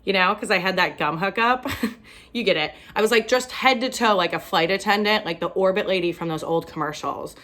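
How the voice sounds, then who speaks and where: A woman's voice: mid-range voice, fairly quick, fairly bright tone. A young woman from Ohio performing a stand-up comedy set, self-deprecating and often laughing at her own jokes. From Ohio, USA.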